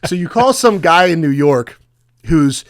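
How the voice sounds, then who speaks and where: A man's voice: a little high, lively intonation, unhurried, no room sound, clean studio sound. A young adult man co-hosting a podcast, telling work stories casually and acting out angry callers in a raised voice. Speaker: podcast co-host. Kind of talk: casual storytelling chat.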